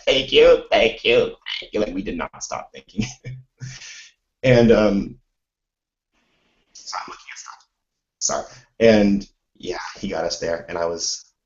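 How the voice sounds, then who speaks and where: A man's voice: low-pitched, reverberant, dull audio. A man chatting casually, rambling through a story with lots of restarts. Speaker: live chat participant. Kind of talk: casual chat.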